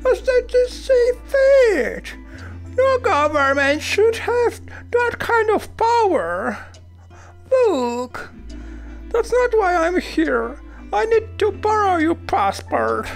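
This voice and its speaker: A woman voicing a desperate relative who pleads in a very high, tearful voice as she reads a game aloud. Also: full character voice.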